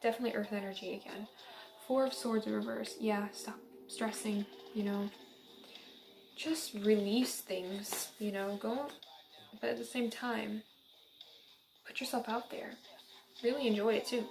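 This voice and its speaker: A woman's voice: medium pitch, fairly even intonation, unhurried, vocal fry, long pauses, over music. A young woman from central Illinois giving a casual, upbeat tarot reading, chatty and giggly. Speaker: tarot reader.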